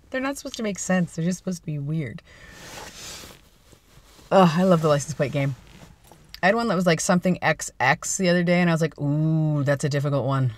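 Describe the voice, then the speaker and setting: A vlogger chatting casually and playfully from inside a parked car, rambling and laughing at their own jokes. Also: mid-range voice. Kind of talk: casual chat.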